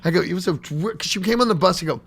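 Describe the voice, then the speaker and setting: A man's voice: high voice, rapid-fire, gravelly, fairly bright tone, slightly rough. A man hosting a podcast, telling road stories in casual, profane chat. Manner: profane, swears freely. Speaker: podcast host.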